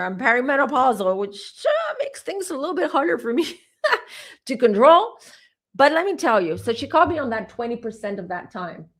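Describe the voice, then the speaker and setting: A woman in her forties hosting a psychic channel, telling a personal story in a chatty, animated way with asides to her viewers. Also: fairly high pitch. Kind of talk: casual storytelling to camera.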